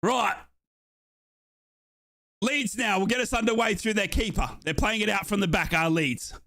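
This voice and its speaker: A man hosting a live match watchalong, calling the play and breaking into excited shouts at big moments. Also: high voice, moderate pace, vocal fry. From Australia. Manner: excitable, bursts into shouting at goals. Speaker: watchalong host.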